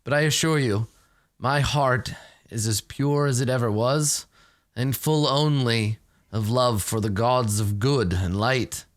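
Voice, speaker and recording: A man voicing a smooth-talking older male noble who claims piety, speaking in a measured, unctuous way. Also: mid-range voice, no echo, studio quality, close to an everyday voice.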